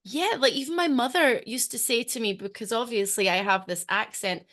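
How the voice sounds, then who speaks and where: A woman's voice: fairly high pitch, normal speed, fairly bright tone. A woman podcast host from Scotland with a mild Scottish accent, chatty and self-mocking. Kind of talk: casual podcast chat.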